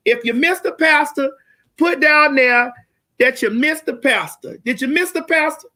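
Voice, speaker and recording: Brash, high, bright-voiced live-stream host. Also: female voice, measured pace, soft background music. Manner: loud, brash, cussing, hyping the audience. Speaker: show host. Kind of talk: profane live-stream chat. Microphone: video call.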